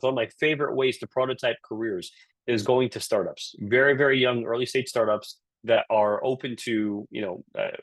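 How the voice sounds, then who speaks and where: A man with a Canadian accent speaks quickly and with energy, leading a live online session. His voice sits at an ordinary middle pitch. The sound is dry and close, with no room around it. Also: no echo. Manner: energetic, frequent "right?" tag questions. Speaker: career speaker at a virtual session.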